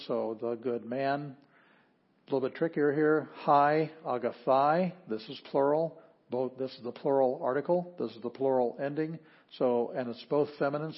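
Man, teacher, classroom lecture, patient, halting, slightly husky, muffled recording. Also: medium pitch. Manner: patient, explanatory, halting with fillers.

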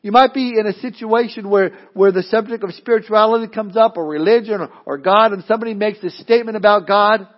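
Male preacher, high-pitched, dramatic loud-and-hushed delivery; muffled lo-fi sound. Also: brisk, hardly any pauses. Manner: swings from loud urgent appeals to low hushed lines, acts out quotes. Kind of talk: sermon. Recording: dull lo-fi recording.

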